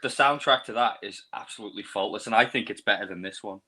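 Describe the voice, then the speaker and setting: Fast, bright-voiced man. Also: on the low side, breathy edge. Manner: excitable, quick talk. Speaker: podcast guest. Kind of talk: casual film review chat.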